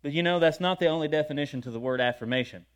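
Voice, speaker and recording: A man preaching a sermon, talking to his congregation, asking them questions and breaking into loud shouts of praise. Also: fairly high pitch, racing, clean tone.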